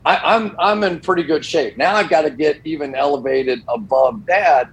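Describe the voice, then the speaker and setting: On a sports talk show, an older man who broadcasts football spins casual, animated stories and does the voices of the people in them. His voice runs on the high side at normal speed, in a low-quality recording with slight background noise.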